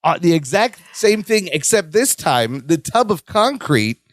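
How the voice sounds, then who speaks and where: A man's voice: on the high side, big pitch swings, a little slow, dry recording, clean studio sound. A man co-hosting a podcast, retelling sitcom scenes in casual chat and acting out the characters' lines. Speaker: podcast co-host.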